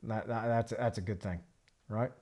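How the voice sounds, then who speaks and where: A man's voice: on the low side, fairly even intonation, moderate pace, a little mellow. A man streaming live from his art studio, chatting in a reflective, rambling way while he paints. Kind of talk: casual livestream chat.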